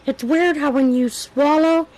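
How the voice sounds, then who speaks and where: High-voiced woman with a weak voice. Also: steady tone, measured pace, a little mellow, poor audio. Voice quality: weak voice that is hard to project. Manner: chatty, rambling storyteller. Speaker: livestream host. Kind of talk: casual chat, telling a story.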